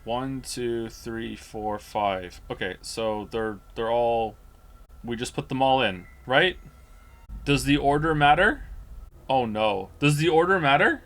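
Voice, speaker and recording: A man's voice: medium pitch, slow, fairly bright tone. Wry male streamer reacting to a game. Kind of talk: casual gaming commentary.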